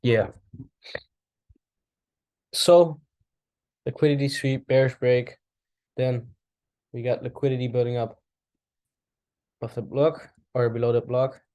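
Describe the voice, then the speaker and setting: A man casually talking through a chart recap, thinking aloud with relaxed asides. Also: mid-range voice, slow, pauses often, muffled recording. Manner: relaxed, talks to himself while charting, asides and apologies. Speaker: trading recap host. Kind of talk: casual screen-share commentary.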